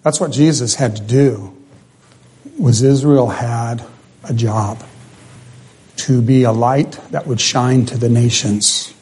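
A man's voice: mid-range voice, slow pace, long pauses, breathy edge. A man preaching a sermon, asking the congregation rhetorical questions as his voice climbs and drops. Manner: animated preaching with rhetorical questions, voice rising and falling. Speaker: pastor.

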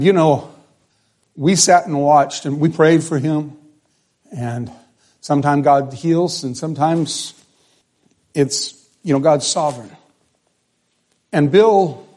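A man preaching a sermon as pastor, repeating phrases and swinging between loud emphasis and hushed speech. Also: fairly high pitch.

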